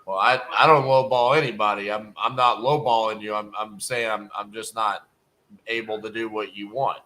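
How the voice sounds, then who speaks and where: A man from Texas, a real estate wholesaler hosting a live sales call, asking calm, logical questions. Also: lowish voice, normal speed, rough recording.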